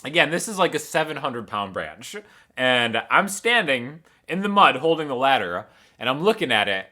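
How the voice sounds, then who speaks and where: Lively, bright-voiced man telling a story. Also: mid-range voice, normal speed. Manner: animated, chuckles through the story. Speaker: guitar channel host. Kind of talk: casual storytelling.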